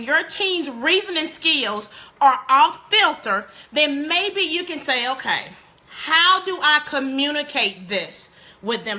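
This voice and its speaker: Woman host, high and bright, preachy and animated, talks straight to viewers, laughs often. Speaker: parenting show host. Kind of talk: live-streamed parenting talk.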